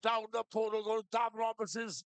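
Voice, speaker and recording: A man giving steady blow-by-blow live commentary on a shearing competition. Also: high-pitched, normal speed, clean tone, dry recording. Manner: steady blow-by-blow calling of each shearing move. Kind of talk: live sports commentary over a PA.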